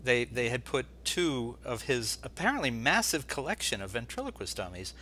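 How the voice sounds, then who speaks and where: A man's voice: medium pitch, sing-song, moderate pace, sharp tone, slight background noise. A man hosting an interview from his home over a video call, talking casually in a hesitant way, with lots of fillers and restarts. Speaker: interview host. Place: home in Florida.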